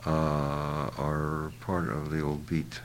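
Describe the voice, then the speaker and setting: An older man being interviewed, answering in a halting, reflective way with many fillers and restarts. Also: extremely low pitch, completely flat delivery, slight background noise.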